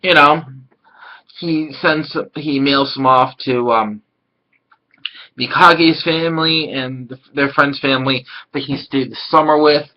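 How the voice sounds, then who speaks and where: A man casually reviewing an anime episode, rambling and excitable, swearing now and then. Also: fairly high pitch, unhurried, muffled recording.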